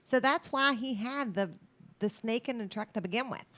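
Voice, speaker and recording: A woman's voice: a little high, moderate pace, bright, forceful tone. A woman co-hosting a casual podcast, chattily retelling a news article. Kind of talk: casual chat.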